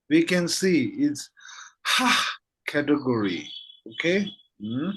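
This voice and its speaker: Male teacher whose first language is Tibetan, slightly high voice, very slow, patient, constant check-ins. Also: very animated, husky, low-quality recording. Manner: slow and patient, checks in with "okay? hmm?" after each point. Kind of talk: slow alphabet lesson.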